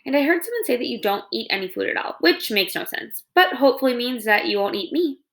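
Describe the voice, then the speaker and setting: A woman's voice: a little high, animated, fast talker, fairly bright tone. A woman reading a children's novel aloud, voicing a chatty, theatrical female possum who gushes about acting. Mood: relieved. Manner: dramatic, gushing, eager to please.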